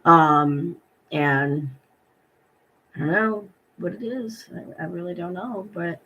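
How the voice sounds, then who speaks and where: A middle-aged woman talks to the camera in a personal vlog, her voice bright and forward. She rambles in a heartfelt way, full of "um"s, and retells her day with feeling. She sounds emotional and hurt underneath. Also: on the low side, slow pace, muffled recording. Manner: rambling and heartfelt, full of fillers and retold dialogue. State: emotional, hurting. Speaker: vlogger.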